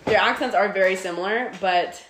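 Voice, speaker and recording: A woman co-hosting a podcast, reading a listener letter aloud and telling her own stories in a chatty, animated way. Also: medium pitch, a little fast, background noise. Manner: chatty and animated, breaks into laughter. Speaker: podcast co-host. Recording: roomy echo.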